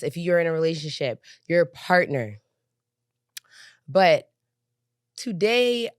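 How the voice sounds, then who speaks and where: A woman's voice: deep voice, a bit bright, no room sound, clean studio sound. A woman hosting her own podcast, venting in a heated, profane way and driving her points home with "okay?". She is angry and shaken. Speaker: podcast host. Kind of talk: casual venting monologue. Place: recording studio couch.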